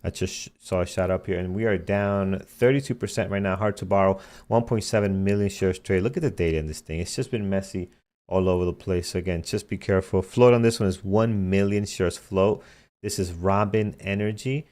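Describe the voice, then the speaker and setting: Deep-voiced male trading show host. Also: fairly even intonation, brisk, a little mellow. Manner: casual, reads tickers aloud, repeated cautions. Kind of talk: live market commentary.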